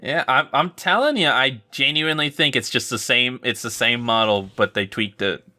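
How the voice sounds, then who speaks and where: A man's voice: mid-range voice, moderate pace, pushed and bright, soft background music. A man co-hosting a Let's Play, joking and sharing fan trivia in casual chat.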